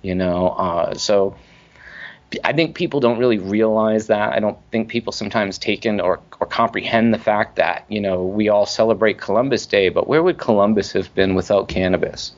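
A man with a fairly low voice tells stories as a podcast guest, animated and emphatic, swearing casually. The recording is dull and lo-fi. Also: normal speed. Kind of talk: casual storytelling interview. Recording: dull lo-fi audio.

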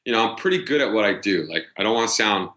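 A man in his thirties chatting as a podcast guest, swearing freely and telling stories with animated energy. His voice sits low and comes across forceful and tense. He piles on fillers and quick restarts. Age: 30s. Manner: loose, profane, animated storytelling; heavy filler words and restarts. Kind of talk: casual storytelling chat.

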